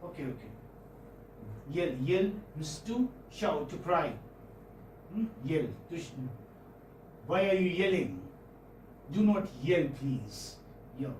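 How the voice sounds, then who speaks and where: A fairly high-voiced man teaching a phonetics class, speaking from a distance in an echoey room with faint hiss behind him. He talks patiently and keeps checking in with his students. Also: sing-song, slow, long pauses, darkish tone. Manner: patient, checks in often with "okay?" and "hmm?". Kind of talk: classroom lecture. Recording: echoey classroom, mic far off.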